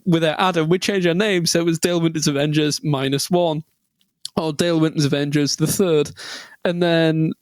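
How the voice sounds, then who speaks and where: Rambling podcaster, fairly high voice. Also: male voice, no room sound, studio quality. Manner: rambling, self-deprecating, with many ums. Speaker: podcast co-host. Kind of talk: casual chat, storytelling.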